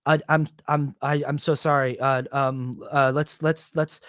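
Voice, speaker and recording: A man's voice: fairly high pitch, little pitch movement, a little slow, fairly bright tone, dry recording, studio quality, voice pushed down. A man voicing a nervous teenage boy working at a cinema counter, hesitant and stammering. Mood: flustered.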